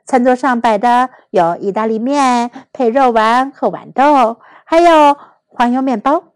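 A woman's voice: fairly high pitch, dry recording. Woman reading a children's storybook aloud. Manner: slow, clear, expressive reading.

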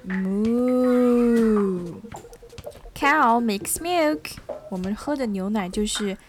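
A woman hosting a children's English reading show, reading a picture book aloud with a child in English and Chinese and stretching out her questions slowly to coax answers. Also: on the high side, a little hiss or hum. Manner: switches between English and Chinese.

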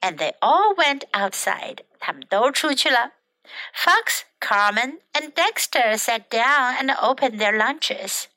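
A woman teacher reading a bilingual picture book to children, gentle and clear. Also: a little high, big pitch swings, slow pace, no room sound.

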